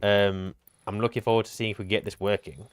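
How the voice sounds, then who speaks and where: Low-voiced man streaming a co-op game. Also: little pitch movement, fairly quick, clear, resonant tone, dry recording. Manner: thinks aloud, chatty, pleading and playful. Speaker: gaming streamer. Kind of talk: casual co-op gameplay chat.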